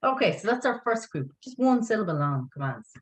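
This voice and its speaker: A woman's voice: medium pitch, big pitch swings, brisk, rough recording. A woman teaching an online language lesson, patient and encouraging, spelling words out letter by letter.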